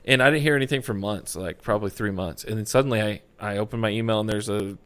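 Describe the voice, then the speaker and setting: A man's voice: on the low side, fast. A man who works as a film and music video director, talking casually on a podcast and acting out the calls on a film set. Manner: animated storyteller, acts out set calls and quotes.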